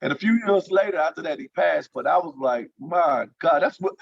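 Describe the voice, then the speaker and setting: A man telling lively stories as an interview guest, leaping up in pitch when he gets excited. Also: brisk, vocal fry, lo-fi sound. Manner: animated storyteller, jumps high in pitch for excited quotes. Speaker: guest, former pro basketball entertainer. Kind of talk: storytelling in casual interview.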